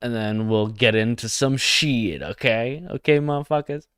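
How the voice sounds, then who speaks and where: A man's voice: mid-range voice, normal speed, fairly bright tone, clear, resonant tone, dry recording, clean studio sound. A young man hosting a satirical comedy livestream, talking provocatively and mockingly and reading comments from chat.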